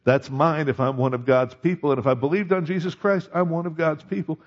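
A man's voice: a little high, fairly even intonation, a little fast, lo-fi sound. A male pastor preaching a conversational sermon, rising to emphatic peaks on key points.

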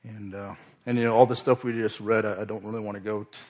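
A man giving an informal sermon, halting, with many restarts and fillers. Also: lowish voice, level tone, a little mellow, lo-fi sound. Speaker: lay speaker.

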